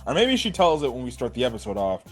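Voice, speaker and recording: A young man excitedly recapping an anime episode in a rambling, casual way, full of "bro" and "right?". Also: mid-range voice, fast talker, faint music behind. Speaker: anime reviewer.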